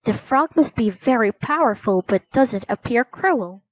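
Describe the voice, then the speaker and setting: Young storybook princess, kind and steady, slightly high, voiced by a woman. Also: unhurried, no room sound. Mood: firm.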